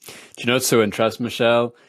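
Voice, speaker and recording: A man hosting an interview show, chatty and relaxed, with quick asides. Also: medium pitch, no room sound, studio quality. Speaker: podcast host interviewer. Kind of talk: casual interview.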